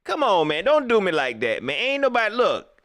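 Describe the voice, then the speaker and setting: Animated, emphatic man ranting live. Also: sits high, a little fast, no room sound. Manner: animated, emphatic, repeats phrases. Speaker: live stream host. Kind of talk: casual live stream rant.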